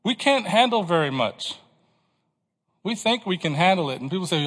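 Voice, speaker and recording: High-voiced male preacher in a reverberant hall. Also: expressive, moderate pace, fairly bright tone. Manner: questioning, emphatic preaching to a congregation. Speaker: pastor. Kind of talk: sermon.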